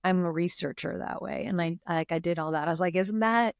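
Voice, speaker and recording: A woman talking as a podcast guest in a casual conversation, expressive and emotional, speaking openly about personal feelings. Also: on the low side, fairly quick, gravelly, dry recording, clean studio sound.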